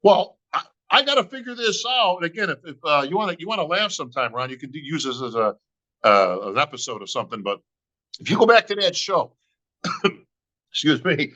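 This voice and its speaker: A middle-aged bodybuilding emcee tells a long story on a podcast, acting out both sides of every conversation and constantly dropping "bro" and "right?" His voice is a little high, very animated and a little fast, with a sharp tone, though the audio sounds dull.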